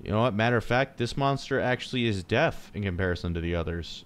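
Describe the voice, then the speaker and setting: A man's voice: on the low side, fast talker, hardly any pauses. A young man playing a horror game and commentating, jittery, swearing often and talking to himself. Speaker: gaming streamer.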